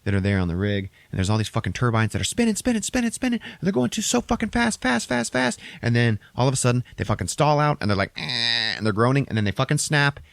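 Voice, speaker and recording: A man's voice: medium pitch, sing-song, fast talker, gravelly, few pauses, a bit bright, no echo. A man casually recapping a movie on a podcast, rambling and profane, acting out characters' lines in a raised voice.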